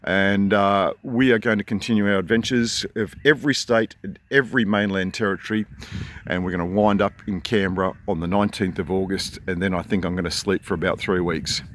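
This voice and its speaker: A man's voice: low voice, steady tone, fairly quick. An Australian man talking to camera outdoors on a seashore at sunrise, rambling and chatty, with a rising inflection at the ends of his sentences. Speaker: vlogger. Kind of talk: casual to-camera vlog. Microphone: handheld camera.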